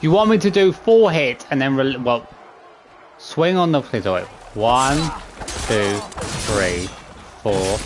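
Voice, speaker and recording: A man's voice: medium pitch, expressive, slow, long pauses, noisy background. A man streaming a video game, exasperated, swearing and counting his button presses aloud. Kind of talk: live gameplay commentary.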